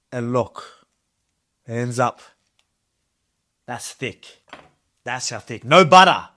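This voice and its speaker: A man's voice: mid-range voice, fairly bright tone. Chatty Australian man showing how to eat a spread. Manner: chatty, rambling, enthusiastic. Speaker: cooking video host. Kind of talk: casual cooking demo.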